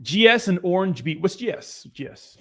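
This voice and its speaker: A man's voice: high-pitched, very animated, moderate pace, bright, forceful tone. A young man hosting a crypto livestream who reads out viewer comments in casual, rambling, profane chat.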